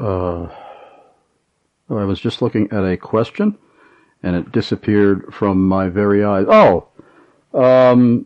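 A man hosting a Christian call-in radio show, asking long, winding questions broken by frequent "uh" pauses. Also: on the low side, darkish tone, no room sound, highs cut off. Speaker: radio talk show host.

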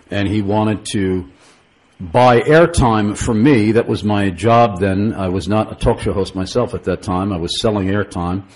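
Low-voiced radio host. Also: male voice, a little mellow, slightly rough, poor audio. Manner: hesitant with frequent uh fillers, chuckling asides. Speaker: radio talk show host. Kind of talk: call-in radio talk show.

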